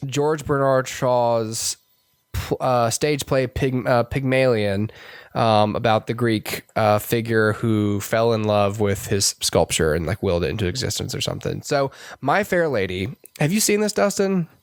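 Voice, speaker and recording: A man's voice: unhurried, smooth, no room sound. Rambling podcast man, dry close mic. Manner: rambling, many restarts and fillers, puts on high voices to quote characters. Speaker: podcast co-host. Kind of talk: casual movie review chat.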